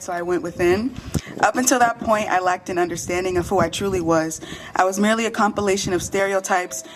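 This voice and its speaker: Earnest low-voiced teen girl's speech. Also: a little hiss or hum, rough recording. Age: late teens. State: a little shaky from the cold. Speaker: graduating student speaker. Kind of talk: prepared speech read aloud. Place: school awards dinner.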